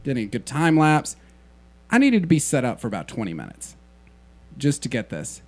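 Man, podcast co-host, anecdotal, easygoing, mid pitch. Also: wildly swooping pitch, normal speed. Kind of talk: casual podcast storytelling.

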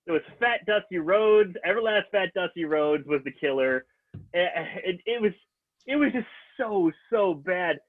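High lively podcast guy, sounds thin like a phone line. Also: a little slow, no room sound. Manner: animated storyteller. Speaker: podcast co-host. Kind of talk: casual chat.

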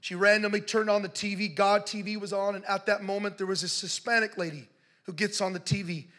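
A man telling a story in a sermon, passionate and building to shouts as he preaches. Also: high-pitched, steady tone, fairly quick.

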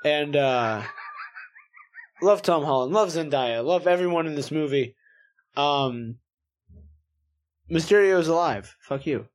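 A man chatting on a podcast about a film he enjoyed. His voice sits a bit high for a man, and he rambles, restarting his sentences and swearing in fun. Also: slow pace, long pauses. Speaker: podcast co-host. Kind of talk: casual chat movie review.

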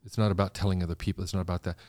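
A man, a designer guest in an interview, telling stories in an animated way and acting out the voices of people he quotes. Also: sits low, very fast, dry recording, clean studio sound. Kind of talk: conversational interview storytelling.

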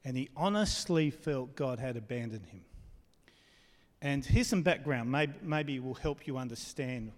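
A man's voice: medium pitch, animated, a little slow, long reverb tail. A man preaching a sermon as pastor, talking conversationally and asking the congregation questions.

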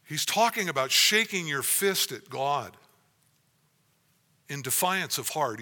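A man's voice: fairly high pitch, expressive, unhurried, bright, forceful tone, in a large hall. A man preaching a sermon as pastor, earnest, with frequent restarts.

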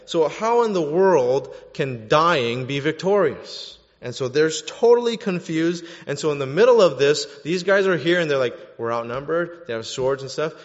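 A man preaching a sermon, animated, swinging between loud bursts and hushed stretches. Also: fairly high pitch. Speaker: pastor. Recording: dull sound with long hall reverb.

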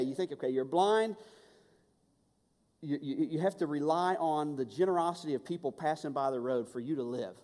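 A man preaching a sermon, swinging between loud urgency and hushed intimacy, often stammering and repeating words. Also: fairly high pitch. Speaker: pastor. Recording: long reverb of a large hall.

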